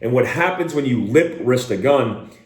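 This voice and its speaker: Man, firearms instructor, plain-spoken and direct, short barked drill commands, mid-pitched voice, roomy echo. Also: expressive, moderate pace. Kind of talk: hands-on shooting lesson. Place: indoor room with a door.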